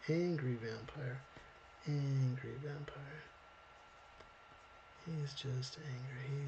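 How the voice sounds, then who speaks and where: A gravelly, mid-pitched man hosts a casual live drawing stream, talking through each step as he sketches. His chatty delivery comes through a desk microphone, with a faint hiss of noise behind it. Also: unhurried, muffled recording. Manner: chatty, thinks aloud while drawing, laughs often. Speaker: storyboard artist hosting a live stream.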